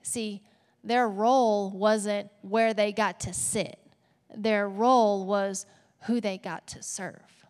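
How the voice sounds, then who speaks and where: A woman with a Texas accent preaching a sermon as a pastor, animated and playful with asides. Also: mid-range voice, slow. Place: church auditorium. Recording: long hall reverb.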